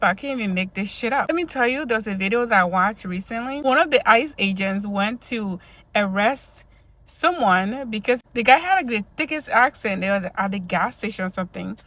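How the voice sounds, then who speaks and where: A woman's voice: mid-range voice, a bit bright. A woman from Liberia delivering a heated, profane casual rant full of rhetorical questions. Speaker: social media commentator.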